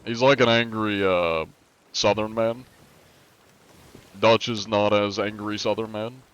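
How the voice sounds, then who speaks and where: A man's voice: on the low side, fairly even intonation, slow, a bit bright, smooth, muffled recording. A man from the United States chatting casually on a live game stream, joking as he answers chat questions.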